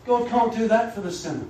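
Earnest high-voiced preacher in an echoey hall. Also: male voice, warm tone. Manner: earnest, pleading, repeats "you know" often. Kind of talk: gospel sermon. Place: church or gospel hall. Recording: echoey hall, voice from far off, faint noise.

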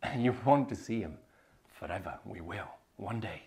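A man delivering a sermon in a husky voice. His pitch rises and falls with wide, lively swings. He moves between loud, emphatic declarations and breathy whispers. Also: moderate pace. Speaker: preacher.

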